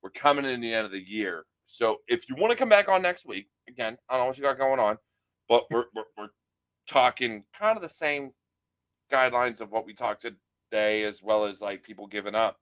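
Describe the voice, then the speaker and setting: A man's voice: medium pitch, expressive, a little fast, a bit bright. A man hosting a podcast, chatting casually and telling stories with quoted voices, swearing now and then. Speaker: podcast host. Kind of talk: casual conversation.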